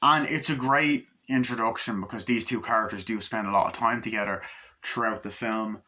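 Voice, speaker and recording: Male vlogger, lowish pitch, bright forceful tone, breathless and rambling, casual profane movie-review delivery. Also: steady tone, fairly quick. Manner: rambling, profane, acts out scenes in loose paraphrase.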